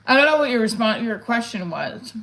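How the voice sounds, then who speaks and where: A woman's voice: on the high side, expressive, brisk, fairly bright tone, a little hiss or hum. A middle-aged woman, a comedian, chatting casually on a livestream, rambling and reading viewer comments aloud.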